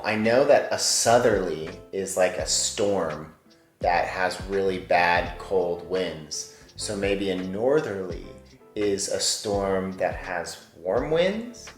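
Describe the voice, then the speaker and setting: A man's voice: deep voice, slow pace. A man hosting a casual vlog, talking in a playful, jokey way. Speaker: vlog host. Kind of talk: casual chat. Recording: echoey room with faint music.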